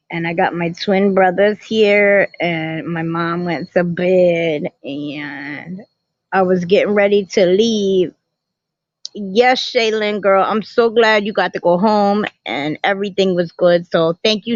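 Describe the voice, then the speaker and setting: A woman hosting a casual livestream from a family home, chatty and animated as she greets viewers by name and talks to her chat. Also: lowish voice, no room sound. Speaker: livestream host. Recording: muffled lo-fi phone audio.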